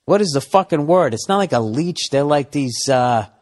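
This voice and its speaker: A man's voice: on the high side, expressive, moderate pace, darkish tone. Exasperated, profane male comedian ranting. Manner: acts out both sides of arguments. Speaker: podcast host. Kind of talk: comedic rant.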